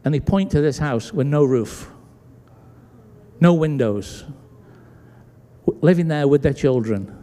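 With a slightly high voice, this man preaches at a measured pace, leaving long pauses. He is a pastor from Britain, an animated storyteller who voices the people in his tale, recorded in a church sanctuary with long hall reverb.

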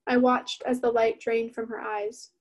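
A woman reading her own novel aloud in the first person, steady and even-toned. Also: a little high, a little slow.

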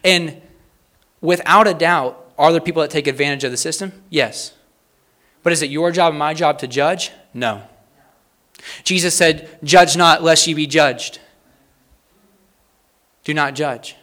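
A man's voice: a little high, normal speed, bright, forceful tone. Impassioned preacher man, rising on quotes. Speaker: pastor. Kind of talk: sermon.

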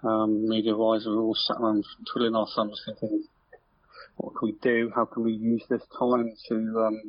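Media guy on a podcast, lots of ums, low-ish voice, dry muffled audio. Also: monotone, normal speed, husky. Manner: earnest, many ums. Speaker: club media manager, guest. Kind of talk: interview answers. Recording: dry dull lo-fi sound.

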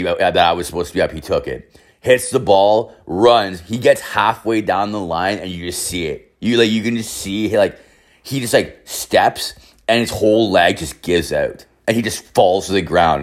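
A man's voice: low voice, normal speed. A young man telling a long, rambling story in casual talk, full of swearing and fillers. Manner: rambling, profane, filler-heavy anecdote.

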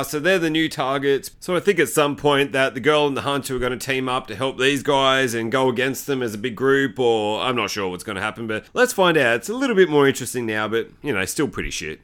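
A man's voice: fairly high pitch, fairly bright tone, smooth. A man casually recapping a film he is watching, sarcastic and profane, rambling as he goes. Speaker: movie reviewer.

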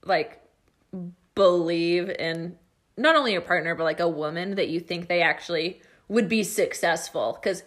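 A woman with a slightly low voice chats casually as a podcast co-host. She chimes in with wry, quick quips and short opinions. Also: a bit bright. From Washington state, US. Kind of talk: casual chat.

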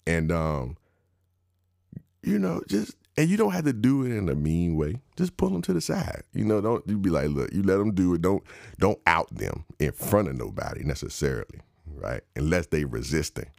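A young man, giving a wry, mock-instructive comedic rant that jumps high in pitch for emphasis. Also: big pitch swings, normal speed, creaky, a little mellow, dry recording, studio quality.

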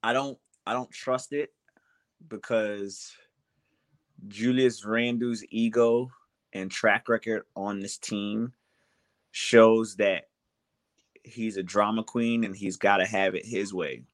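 A man co-hosting a casual sports chat, speaking in a dry, sarcastic, deliberate way. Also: fairly low pitch, steady tone, no echo. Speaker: podcast co-host.

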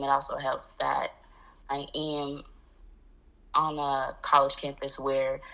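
A young woman with a low voice speaks candidly in a casual interview, trailing into fillers and breaking into laughs. Her tone is bright and forward, with a quick, easy flow. She sounds like a college student athlete talking openly. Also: low-quality recording. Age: 20s.

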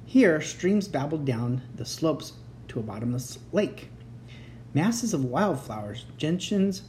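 A storyteller reading a children's chapter book aloud, gentle and even in delivery. The tone is soft and warm, with a faint ambient hiss behind it. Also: medium pitch.

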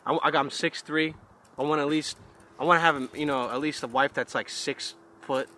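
A man's voice: fairly high pitch, fairly even intonation, normal speed, bright, forceful tone. A young man co-hosting a casual podcast chat, crude and joking with plenty of swearing. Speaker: podcast co-host.

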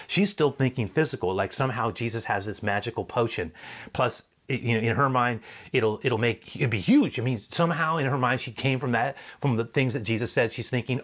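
A man preacher giving a sermon in a conversational, animated storytelling manner. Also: mid-range voice, fairly quick.

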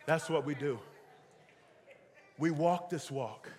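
Slow, emphatic male preacher in an echoing hall. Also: fairly high pitch, darkish tone. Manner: emphatic, repeats key lines. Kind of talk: sermon. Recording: long hall reverb.

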